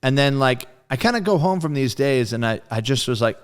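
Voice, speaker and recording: A guest drummer in a casual interview tells a story in a medium-pitched, clean male voice at a fairly quick clip. He's loose and profane, an animated storyteller who acts out the voices of the friends he quotes.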